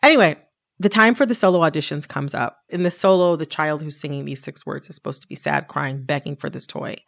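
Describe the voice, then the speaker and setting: Low, gravelly-voiced woman telling stories. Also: fairly quick. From Detroit area. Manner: animated storyteller, laughs often. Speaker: podcast co-host telling stories. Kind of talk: casual storytelling chat.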